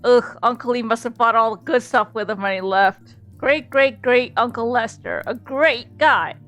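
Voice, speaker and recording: A woman's voice: on the high side, normal speed, fairly bright tone, faint music behind. A woman streamer giving jokey, giggly commentary while playing a story game. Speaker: VTuber streamer. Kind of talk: casual gameplay commentary.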